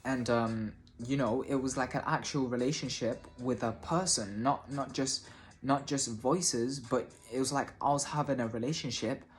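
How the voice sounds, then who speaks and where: A man telling a personal story casually to camera, halting often and restarting his sentences, with the odd swear word. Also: mid-range voice, steady tone. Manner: hesitant, many restarts and fillers, casual swearing. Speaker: vlogger.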